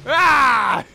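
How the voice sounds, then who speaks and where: High-voiced excitable gaming man. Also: vocal fry. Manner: playful, laughs and yelps at the game. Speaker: gaming video host. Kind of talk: excitable gameplay commentary.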